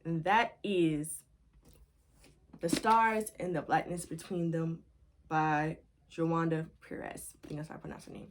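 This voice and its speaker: A woman records a casual book review vlog at home. Her voice sits a little low, and she gushes, repeating phrases as she goes. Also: steady tone, measured pace, slight background noise. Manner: gushing, repeats herself. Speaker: book vlogger.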